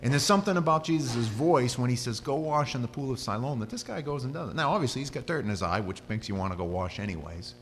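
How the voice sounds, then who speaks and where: Male pastor preaching, lively swinging delivery, long church reverb, faint hum. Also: mid-range voice, fast talker, few pauses. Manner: animated storytelling, voice rising and dropping. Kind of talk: sermon.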